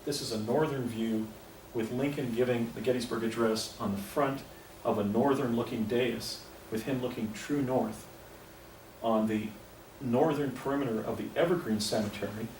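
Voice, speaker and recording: A man's voice: medium pitch, normal speed, a little mellow. A man in his fifties giving a lecture presentation, rambling with frequent restarts and digressions. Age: 50s. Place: lecture hall. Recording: echoey room, distant mic, faint noise.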